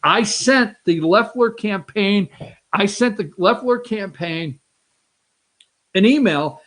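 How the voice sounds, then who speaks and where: A man hosting a political talk show, brash and excitable, with sarcastic asides. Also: high voice, takes it slowly. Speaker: show host. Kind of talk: animated political commentary.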